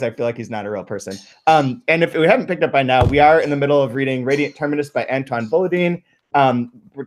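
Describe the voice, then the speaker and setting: A man hosting a book podcast in casual chat, rambling with restarts and laughing often. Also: medium pitch. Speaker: podcast host.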